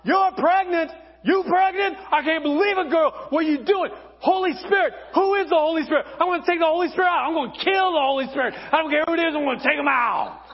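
A man's voice: extremely high pitch, fast talker, hardly any pauses, voice pushed up. A man voicing a jealous, hot-tempered young man in a sermon, with a long reverb and dull sound. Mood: outraged.

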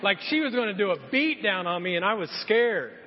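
In a church hall, a man preaches with a high, animated voice, speaking a little fast. His sermon tells a story in which he voices each character, and the audio is muffled under a long reverb.

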